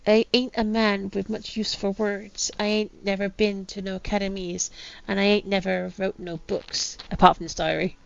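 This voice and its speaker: A woman voicing a boastful old male pirate captain in a put-on pirate accent, reading his journal aloud in slow, rough slang. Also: medium pitch, little pitch movement, muffled recording, lightly acted.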